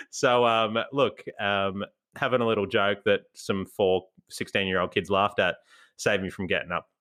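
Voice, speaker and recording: A man's voice: lowish voice, unhurried. A man with an Australian accent, co-hosting a casual podcast chat and telling stories with lots of laughter. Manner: animated storyteller, laughs often, acts out voices. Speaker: podcast co-host.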